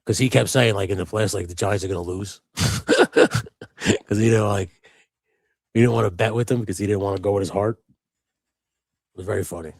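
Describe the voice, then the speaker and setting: Man, very low voice, dry close sound, casual rambling chat, frequent swearing. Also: normal speed, gravelly, pauses often, no room sound. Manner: loose and rambling, swears a lot. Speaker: co-host of a live customizing stream.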